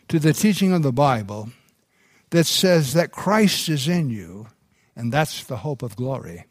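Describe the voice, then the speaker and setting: A middle-aged pastor preaching a sermon, his voice sitting a bit higher than most men's. He moves slowly and deliberately through his stories, circling back on himself now and then. The recording is dry and close, with little room sound. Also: big pitch swings, no room sound. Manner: unhurried storytelling delivery with restarts.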